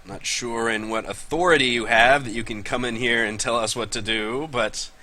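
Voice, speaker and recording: A man's voice: mid-range voice, fairly even intonation, moderate pace, sharp tone, lightly acted, rough recording. Man playing a flustered, sputtering rancher. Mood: weary. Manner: indignant and sputtering. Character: flustered middle-aged male ranch owner.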